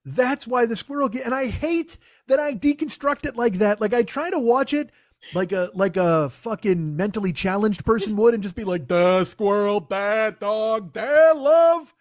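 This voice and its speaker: Profane, sarcastic high-voiced man. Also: normal speed, no room sound, studio quality. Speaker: podcast host. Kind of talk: comedic podcast rant.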